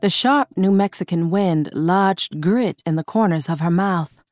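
A woman narrating a horror short story in a measured, deliberate reading. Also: fairly low pitch, a little mellow, dry recording, faint music behind.

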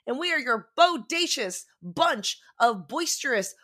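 A woman's voice: high-pitched, big pitch swings, a little slow, fairly bright tone. A woman hosting a quiz podcast, playful and alliterative, laughing often between remarks. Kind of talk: upbeat show opening and casual chat.

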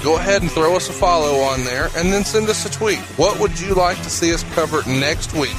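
A man's voice: fairly high pitch, brisk, hardly any pauses, music in the background, rough recording. Upbeat man hosting a podcast. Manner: upbeat, promotional, steers the talk. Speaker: podcast host.

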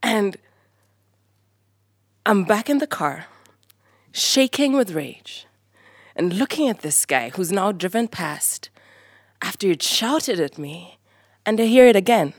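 A woman from Kenya telling a personal story on stage, lively and animated, acting out the voices of people in it. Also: medium pitch, slow, long pauses, no room sound, clean studio sound.

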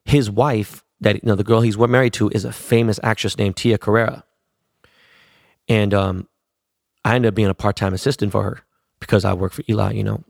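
A man's voice: lowish voice, steady tone, brisk, vocal fry, a little mellow, no room sound, clean studio sound. A middle-aged man from Los Angeles telling a rambling story in casual, slangy talk, swearing constantly.

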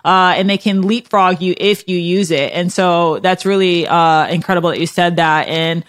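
A woman in her thirties hosting a casual podcast conversation, chatty and self-deprecating, with many quick restarts. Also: on the low side, fairly even intonation, no echo, clean studio sound. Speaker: podcast host. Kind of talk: casual chat.

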